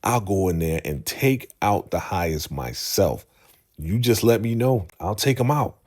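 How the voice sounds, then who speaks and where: A man voicing a pushy male henchman who insists it is time to attack, speaking in a low, husky, lively voice. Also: a little slow. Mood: insistent. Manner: insistent, urging.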